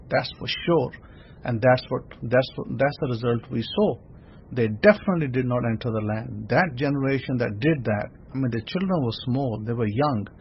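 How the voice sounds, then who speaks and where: A man delivers a Torah study sermon in a loose, conversational way, firing off rhetorical questions and circling back over his words. His voice sits at an ordinary middle pitch. The recording is dull and lo-fi, with a faint hiss of noise behind him. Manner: repeats words while building a point. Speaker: Torah teacher.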